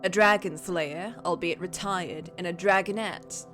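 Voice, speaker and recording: Woman streamer reading a story out loud, chatty and playful, soft music under it. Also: lowish voice, steady tone, a little slow. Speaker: streamer reading stories aloud. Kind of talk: casual story reading on a livestream.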